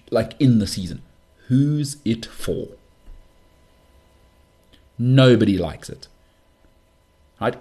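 A man hosting a sports podcast, ranting his opinions with rhetorical questions and quick asides. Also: mid-range voice, a little mellow, breathy edge. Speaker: podcast host.

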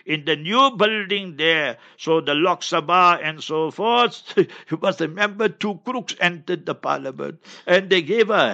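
A man with a South African accent giving forceful, indignant commentary on current events as a religious speaker. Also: a little high, muffled recording. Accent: South African English. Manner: forceful, indignant, mocking quoted voices.

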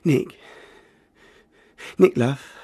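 A man performing a narrative poem, voicing a weary mother who pleads quietly. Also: drawn-out words, dry recording. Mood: pleading.

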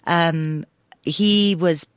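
A woman, chatting as a guest in a theatrical, animated way. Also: on the low side, drawn-out words, no room sound, clean studio sound. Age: 60s. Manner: theatrical and animated, jumps between voices. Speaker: guest, actress and estate agent. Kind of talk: lively casual interview chat.

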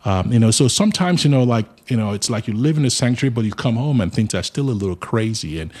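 A middle-aged man from Africa telling his life story as a charity founder in an interview, lively and acting out the people he quotes. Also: medium pitch, quick pace.

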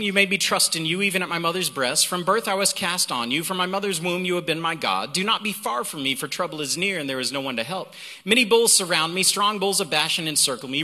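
A man preaching a sermon as a guest preacher, animated and reading scripture aloud with emphasis. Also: sits high. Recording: hall reverb.

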